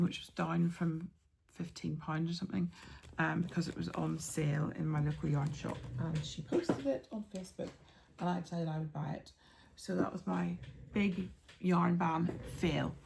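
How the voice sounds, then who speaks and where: Gravelly-voiced woman chatting about crafts. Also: on the low side, slight background noise. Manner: chatty, with many ums and soft asides. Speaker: craft podcast host. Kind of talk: casual chat showing yarn and patterns.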